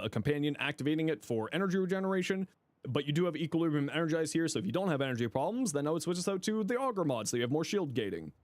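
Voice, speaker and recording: Relaxed male streamer, fairly high voice. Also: dry recording. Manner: relaxed, thinks aloud with frequent "uh" fillers; friendly advice, addresses viewers by name. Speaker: streamer reviewing viewers' game builds. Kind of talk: casual livestream commentary.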